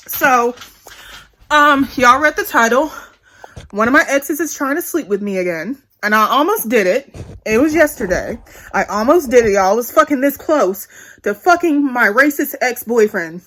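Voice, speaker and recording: A woman's voice: on the high side, bright, forceful tone. A woman in her twenties telling a candid, profane story to her viewers in a blunt, chatty vlog. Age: 20s. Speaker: vlogger.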